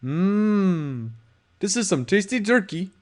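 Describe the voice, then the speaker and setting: Brief: high, animated taunting pony thug, read by a male narrator, crude and profane. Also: slow, exaggerated voice. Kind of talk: fan audiobook character voice.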